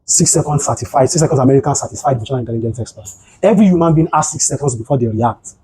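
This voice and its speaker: Speaking rapid-fire in a medium-pitched, slightly rough voice, this Nigerian-accented man is heard on poor audio. As a psychotherapist appearing as a guest speaker, he delivers a motivational mental-health talk full of animated storytelling and rhetorical questions to his listeners.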